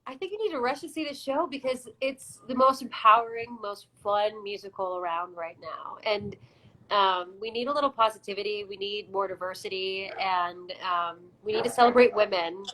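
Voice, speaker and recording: A woman, a Broadway performer, chatting as a guest in a live-stream interview over a video call, animated and quick to laugh. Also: medium pitch, poor audio.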